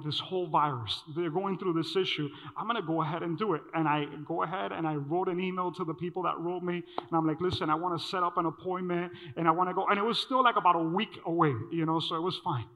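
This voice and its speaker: A man preaching a sermon, telling a personal story in an animated way and acting out the dialogue. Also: a little high, brisk, gravelly, few pauses. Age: adult. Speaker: pastor. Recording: dull sound with long hall reverb.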